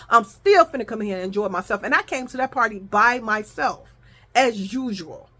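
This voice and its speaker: Woman vlogger with a higher voice, telling a lively, profane story and acting out arguments. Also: normal speed. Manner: animated, profane, acts out quoted arguments. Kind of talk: casual storytelling to viewers.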